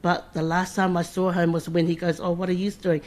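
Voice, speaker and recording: She's a middle-aged sister eulogizing her brother at his funeral, with a lowish, darkish voice that stays level and moves briskly. She's emotional and informal, restarting her words often and laughing amid tears, and there's a little hiss or hum.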